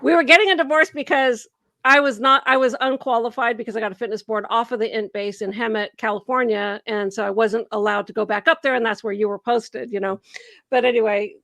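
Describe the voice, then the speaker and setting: Animated woman telling a story, gravelly edge. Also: on the high side, fairly quick, no room sound. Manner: animated, acts out quoted voices with laughter. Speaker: host. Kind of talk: casual conversational storytelling.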